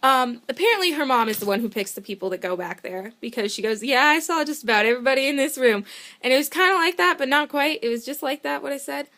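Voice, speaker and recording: A young woman with a slightly high voice tells a long story in a casual vlog. She talks in an excitable, gushing way, rambling and breaking off mid-sentence to start again. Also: fast talker. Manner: excitable, rambling, self-interrupting; gushing fan enthusiasm. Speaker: vlogger.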